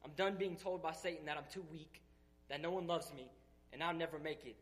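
A man's voice: on the high side, brisk, fairly bright tone. A man giving an emotional church testimony, earnest and emphatic, sounding tearful. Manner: earnest, emphatic, building intensity.

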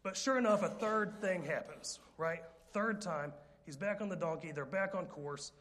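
A male preacher with a fairly high voice tells a story from the pulpit. He jokes, wanders into asides and teases the congregation before getting back on track. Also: normal speed, a little hiss or hum. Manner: lively, joking, rambling with asides. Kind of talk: sermon storytelling.

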